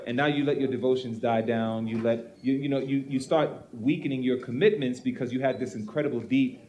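A man, a pastor, telling a personal ministry story at a panel Q and A, animated and acting out the voices of the people he quotes. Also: mid-range voice, fairly quick, few pauses.

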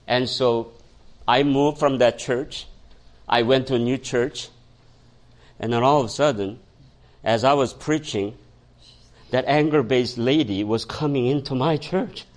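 Man preaching. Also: medium pitch. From Korea. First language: Korean. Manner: animated, swings from raised voice to soft storytelling; quotes people in the story, chuckles often. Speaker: pastor. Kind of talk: sermon with storytelling.

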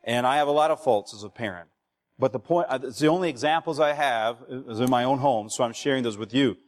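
Preaching man in a reverberant hall. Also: mid-range voice. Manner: exhorting, asks the congregation for replies. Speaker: pastor. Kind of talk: sermon. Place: church hall. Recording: long reverb of a church hall.

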